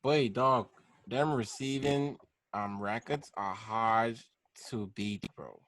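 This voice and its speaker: Male podcast co-host, casual sports banter, slangy and animated, dry close sound. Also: on the low side, takes it slowly, no room sound. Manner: slangy, animated, laughs mid-sentence.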